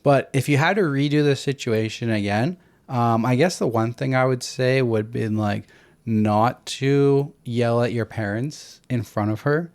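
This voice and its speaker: A man's voice: medium pitch, a little slow. Rambling male podcast co-host. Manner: rambling, animated, puts on voices in retellings. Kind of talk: casual chat.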